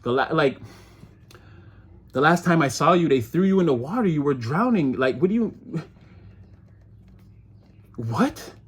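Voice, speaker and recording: A man with a somewhat high, husky voice gives a loose, rambling tarot reading. He circles back on his thoughts and breaks into mocking quoted voices as he goes. The delivery stays casual and conversational throughout. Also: expressive, normal speed, pauses often. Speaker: tarot reader.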